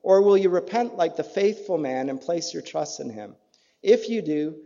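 A man preaching a sermon earnestly, his voice rising to emphatic peaks and dropping low again. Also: lively intonation, moderate pace, creaky, dark tone. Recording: dull lo-fi sound in a reverberant hall.

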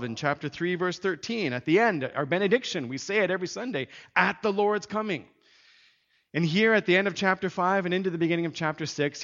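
A man's voice: sits high, a bit bright. A man preaching a sermon to his congregation in an earnest, emphatic way, repeating key phrases as he reads and explains scripture. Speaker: pastor. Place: church sanctuary. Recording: dull sound with long church reverb.

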